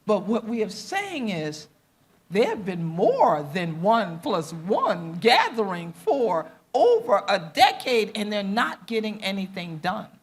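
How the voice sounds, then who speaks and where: Gravelly Gullah Geechee speaker, impassioned. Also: mid-range voice, very animated, slow. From Gullah Geechee coastal southeastern United States. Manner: impassioned and emphatic, mixing Gullah creole and English. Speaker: panel speaker. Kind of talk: conference speech.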